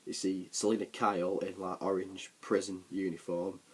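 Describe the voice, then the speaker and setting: The speaker, a film reviewer, has a low, slightly rough voice with flat delivery at normal speed. His casual vlog recap of a movie rambles along, broken up by ums and restarts.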